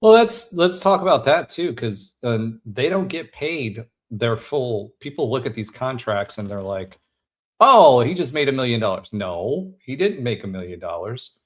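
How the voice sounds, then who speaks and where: A man's voice: mid-range voice, expressive, a little slow, few pauses. A man hosting an interview show, laying out a point before asking his question. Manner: conversational, explaining before asking. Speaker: podcast host.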